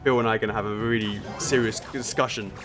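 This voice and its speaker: A man hosting a live stream, commentating his own game with excitable groans and playful trash talk aimed at his opponent. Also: fairly low pitch, quick pace. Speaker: streamer and show host. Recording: game music playing under the voice. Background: game music.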